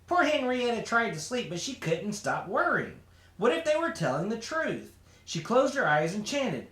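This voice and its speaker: A man reads a children's story aloud with lots of expression. His voice sits high and swings widely from line to line. A roomy echo follows him. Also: moderate pace. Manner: expressive, animated. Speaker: storybook reader.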